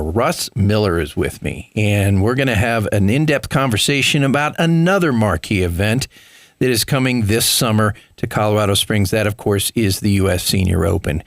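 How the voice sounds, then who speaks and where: A man's voice: on the low side, no room sound. A man hosting a local business talk radio show in a studio, chatty and enthusiastic, calling listeners folks. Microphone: studio microphone.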